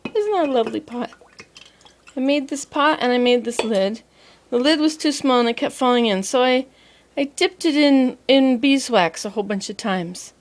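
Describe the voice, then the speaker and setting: A woman's voice: a little high, slight background noise. A woman vlogging casually from home and garden, chatting in a meandering way to the camera and to herself. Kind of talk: casual rambling vlog.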